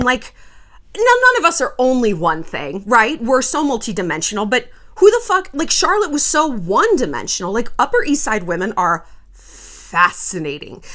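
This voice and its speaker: A woman's voice: fairly high pitch, sharp tone. A woman in her thirties, a vlogger ranting about pop culture in a sassy, profane way, putting on mocking voices for quotes. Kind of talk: casual pop-culture rant.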